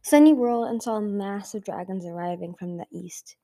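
Mellow-voiced woman reading a fantasy book aloud. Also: medium pitch, lively intonation, brisk, slight background noise. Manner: careful reading with frequent self-corrections. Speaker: audiobook reader. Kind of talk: amateur audiobook narration.

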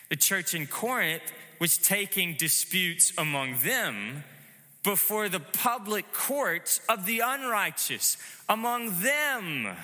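A man preaching a sermon, measured and emphatic, asking rhetorical questions. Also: a little high, bright, forceful tone, long reverb tail. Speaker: pastor.

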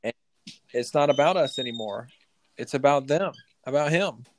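Plain-spoken pastor asking rhetorical questions. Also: male voice, medium pitch, moderate pace, slight background noise. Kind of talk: sermon-like explanation.

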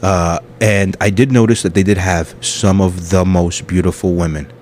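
A man's voice: deep voice, steady tone, normal speed, a little mellow, a little hiss or hum. A man hosting a comedy podcast, rambling through a crude, self-mocking monologue full of tangents. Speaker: podcast host.

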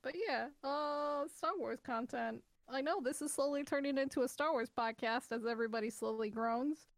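A woman's voice: high-pitched, steady tone, moderate pace, gravelly, dry recording. A young woman co-hosting a podcast in casual chat, swearing often and joking around. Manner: profane, chatty and joking. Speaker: podcast co-host.

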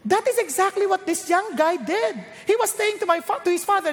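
Animated high-voiced Filipino woman preaching. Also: brisk, hardly any pauses, big-room sound. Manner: animated, acts out quotes, switches between English and Tagalog. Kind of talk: sermon.

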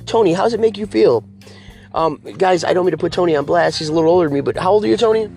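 A man's voice: high voice, very fast, gravelly, a little mellow, faint music behind. A man hosting a political talk show, ranting to his viewers in a preachy way and calling them folks and guys.

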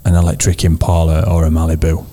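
A man who is a guest car expert on a podcast, giving relaxed, plain-spoken opinions in casual studio chat. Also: rumbling low, fast talker.

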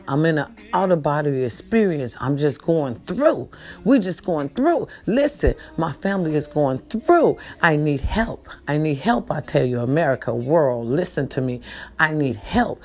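A middle-aged woman vlogging in a casual, half-whispered voice, repeating herself and pleading with her viewers, calling them y'all. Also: sits low. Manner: half-whispering, soft-spoken. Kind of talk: casual morning vlog talk.

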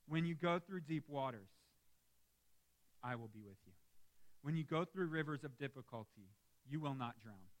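A young adult man preaching a sermon in a church, emphatic and lively, with joking asides to the congregation. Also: mid-range voice. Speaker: pastor. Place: church sanctuary.

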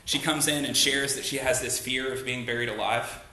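A man's voice: medium pitch, fairly even intonation, normal speed, pushed and bright, a little hiss or hum. A man pastor giving a sermon in a church, talking conversationally and asking the congregation rhetorical questions. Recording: echoey room.

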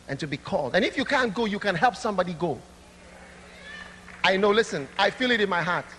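A young man preaching an impassioned sermon that rises to shouts. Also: high-pitched, in a large hall, a little hiss or hum. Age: young adult.

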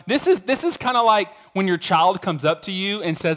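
A man's voice: sits high, animated, brisk, few pauses, a bit bright. A middle-aged man preaching a sermon in a conversational way, telling stories and acting out quotes. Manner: conversational, storytelling with acted quotes. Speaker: pastor.

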